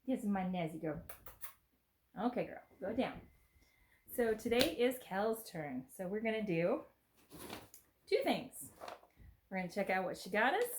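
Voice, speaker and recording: On her home vlog, a middle-aged woman from the United States opens gifts while making casual, slightly rambling chat. She has a mid-range voice, and the recording carries a little hiss or hum.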